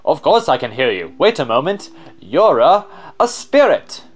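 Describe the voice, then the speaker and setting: A man's voice: a little high, sing-song, unhurried, voice pushed up. A man voicing a pompous, long-winded male explorer with a posh British accent and a theatrical manner. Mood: grandiose. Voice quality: theatrical, grandiose. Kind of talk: let's play voice-over.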